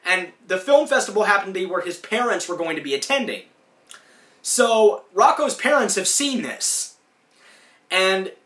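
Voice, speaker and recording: A man's voice: fairly high pitch, pushed and bright, echoey room, far from the mic. A man hosting a podcast, rambling through a cartoon episode recap in casual chat. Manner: rambling, acts out lines in put-on voices. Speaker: podcast host.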